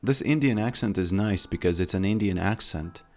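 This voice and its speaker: Male streamer, very deep gravelly voice, rambling casual commentary while playing. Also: moderate pace, a little mellow, soft background music. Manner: rambling, stammers and repeats words. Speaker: game streamer.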